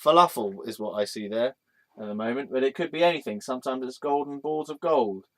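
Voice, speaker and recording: A man's voice: medium pitch, lively intonation, brisk, a bit bright. A man hosting his own vlog, rambling in a casual, joking way and chatting aloud to a picture as if it were a friend. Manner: playful, joking, talks aloud to an image of a deity. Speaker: vlog host.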